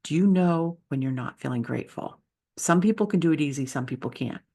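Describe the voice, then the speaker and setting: A woman's voice: low-pitched, animated, brisk, a little mellow. A woman who is a leadership speaker and author, giving an enthusiastic, conversational presentation with slides.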